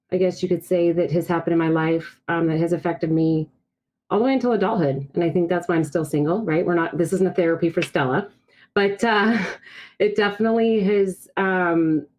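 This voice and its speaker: A woman's voice: on the low side, darkish tone, rough recording. A woman from Brazil, a native Portuguese speaker, speaking as a podcast guest over a video call and telling her personal story in a candid, reflective way. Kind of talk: casual podcast conversation.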